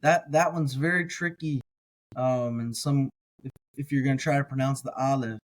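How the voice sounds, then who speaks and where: A man teaching as he reads a text slowly, word by word, repeating each word patiently. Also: mid-range voice, fairly even intonation. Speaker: biblical language teacher. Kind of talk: slow word-by-word reading lesson.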